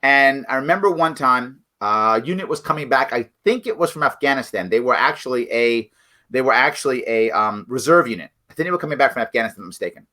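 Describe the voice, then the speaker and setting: A man's voice: medium pitch, lively intonation, fast talker, pushed and bright. A middle-aged man hosting a livestream political commentary show, talking bluntly and emphatically straight to his viewers.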